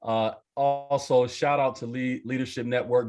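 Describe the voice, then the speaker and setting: A man's voice: medium pitch, little pitch movement, moderate pace, hardly any pauses, a little mellow, soft background music. Upbeat slangy man host. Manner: enthusiastic, slangy, restarts a lot. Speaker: podcast director and host. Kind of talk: casual chat.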